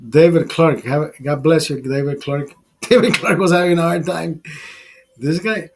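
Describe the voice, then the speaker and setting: Casting: man, slightly higher voice, loose profane livestream host riffing on whatever comes up. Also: moderate pace. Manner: profane, rambling, laughs at his own jokes. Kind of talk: casual livestream chat. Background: bar setting.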